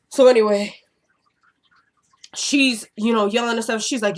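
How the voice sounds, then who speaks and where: A woman's voice: fairly high pitch, fairly even intonation, moderate pace, long pauses. A woman recapping a TV drama episode in a casual, chatty way, acting out the characters' lines while she has a cold. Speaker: TV recap vlogger. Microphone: camera.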